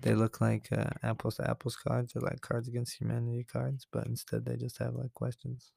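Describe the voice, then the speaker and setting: A man's voice: mid-range voice, monotone, fairly quick, creaky, dark tone, no room sound. A young man co-hosting a podcast, chatting in an easygoing way. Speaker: podcast co-host. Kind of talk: casual chat.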